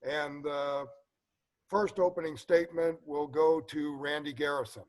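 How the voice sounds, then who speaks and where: A man moderates a political candidate forum. He speaks haltingly with lots of filler words. His voice is slightly high. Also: steady tone.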